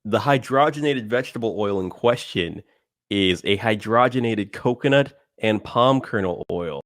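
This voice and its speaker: A man with a fairly low voice trades blunt, teasing banter on a podcast. He reads lists aloud in a flat matter-of-fact way and pushes back on his co-host. The sound is dry and close to the mic. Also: moderate pace, dry recording.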